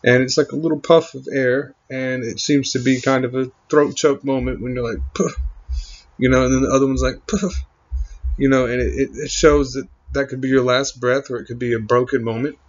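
A man's voice: medium pitch, fairly even intonation. Rambling man on a muffled recording. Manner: halting, full of fillers and trailing thoughts. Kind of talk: rambling monologue.

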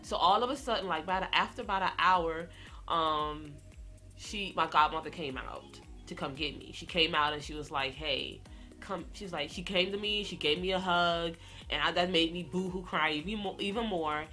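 A young woman vlogger telling a personal story in a slangy, animated way, speaking straight to her viewers. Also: lowish voice, moderate pace, faint music behind. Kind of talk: storytime vlog.

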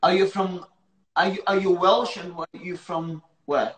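A man with an Italian accent chatting playfully on a live stream, in animated, broken English. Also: high-pitched, a little slow. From Italy. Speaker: co-host. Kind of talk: casual live-stream chat. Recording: echoey room with faint noise.

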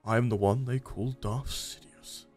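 A man voicing a soft-spoken, sinister older male politician, talking low and hushed. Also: fairly even intonation, unhurried, soft background music, natural voice.

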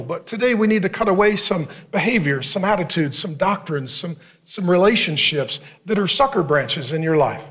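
A man's voice: sits high, animated, moderate pace, a bit bright. A male pastor preaching a sermon, breaking into joking, sarcastic asides.

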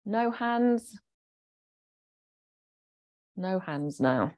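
A woman guides a gentle exercise class at a mid-range pitch. She talks in a chatty, encouraging way and explains each movement as she goes. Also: expressive, extremely slow. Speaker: fitness instructor.

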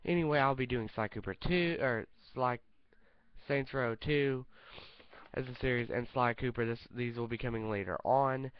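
A man's voice: medium pitch, normal speed, muffled recording. A man chatting casually to camera as a vlogger, sounding irritated and rambling, with lots of fillers. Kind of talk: casual vlog chat.

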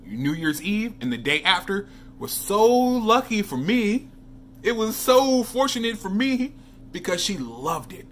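A man's voice: high voice, measured pace, a little hiss or hum. A man chatting casually in a vlog, telling stories and talking to viewers as he reviews fragrances. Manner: chatty, animated storytelling with asides to viewers.

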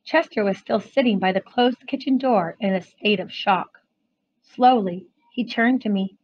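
A woman's voice: mid-range voice, measured pace, highs cut off. A woman reading a children's storybook aloud with expression. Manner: expressive, animated. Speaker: reader.

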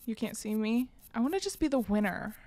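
A woman streaming a game, talking excitedly, gasping, shrieking and swearing, and dropping to whispers while she hides. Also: a little high, a little hiss or hum. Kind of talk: excitable gaming stream commentary.

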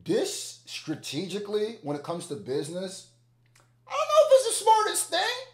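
A man hosting a reaction video, chatting casually with loud laughing outbursts and low mutters. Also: huge pitch swings, normal speed. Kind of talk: casual commentary reacting to a song. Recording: echoey room.

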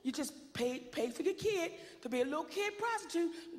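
A woman performing a stand-up comedy set, bold and sassy, shouting out her punchlines. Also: high-pitched, animated, normal speed, hardly any pauses, in a large hall.

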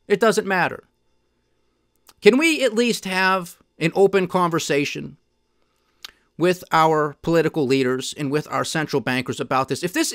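Male podcast host, fairly high-pitched, emphatic and indignant. Dry, close sound. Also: fairly bright tone, no room sound. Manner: emphatic, indignant, mocking quoted officials. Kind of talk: solo commentary.

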